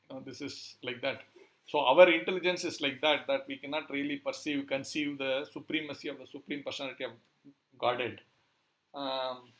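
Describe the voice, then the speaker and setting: A man's voice: fairly high pitch, fairly bright tone. A man, retelling a scripture story in a talk, hesitant and searching for words. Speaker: preacher.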